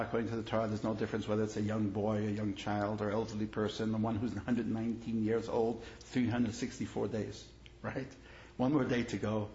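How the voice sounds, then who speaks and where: A man's voice: on the low side, a little mellow. A man, a rabbi, giving a lecture built on personal stories, repeating his phrases and growing emphatic as he tells them. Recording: echoey room, dull lo-fi sound, faint noise.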